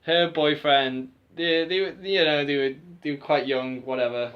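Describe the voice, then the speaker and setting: The recording is muffled, and the young man's voice sits on the high side at a moderate pace. As a podcast co-host he shares an embarrassing story in casual conversation, animatedly performing the other people's voices.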